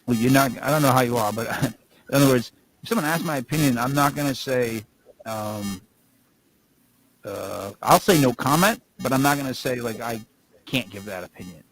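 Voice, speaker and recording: A man's voice: medium pitch, moderate pace, rough recording. A man co-hosting a podcast, rambling through casual stories and laughing as he talks. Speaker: podcast co-host.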